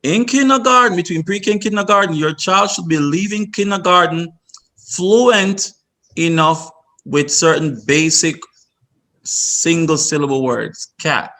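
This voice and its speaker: Bright-voiced man presenting a virtual workshop. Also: on the high side, measured pace. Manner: instructive, repeats himself with many restarts. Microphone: video call.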